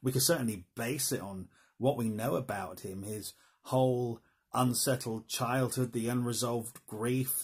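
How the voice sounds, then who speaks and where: A man's voice: mid-range voice, husky. A man giving a casual, jokey online art history lecture, chatting and laughing at his own asides.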